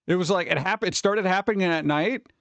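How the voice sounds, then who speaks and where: A man hosting a livestream, chatting casually and rambling excitably with viewers, often laughing. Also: sits high, brisk, no echo, dull audio. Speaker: livestream host. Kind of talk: casual chat with live viewers.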